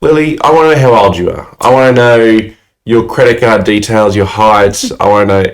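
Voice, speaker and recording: A man co-hosting a podcast in casual chat, loud and excitable, laughing often, close to the mic. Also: lowish voice, brisk. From Australia. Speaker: podcast co-host.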